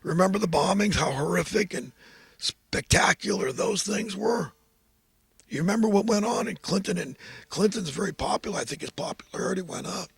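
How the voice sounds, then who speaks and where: A man's voice: high-pitched, animated, moderate pace, creaky, slightly rough, no echo. A man giving a rambling, fervent, preachy monologue as host. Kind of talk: impassioned political monologue.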